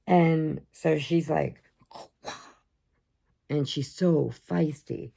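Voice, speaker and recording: Gravelly-voiced woman ranting casually. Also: low voice, drawn-out words. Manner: animated, acts out voices for pets. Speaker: vlogger.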